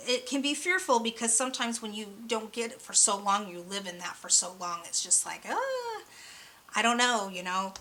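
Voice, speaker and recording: A woman's voice: medium pitch, bright, forceful tone, a little hiss or hum, poor audio. A woman giving a weekly oracle card reading, talking earnestly and a bit ramblingly, openly emotional, her voice close to cracking. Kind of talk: spiritual card reading monologue.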